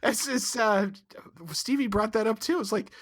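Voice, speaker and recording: A man's voice: sits high, moderate pace. A man co-hosting a podcast, chatting in a wry, laughing, slightly hesitant way. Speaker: podcast co-host. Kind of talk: casual chat.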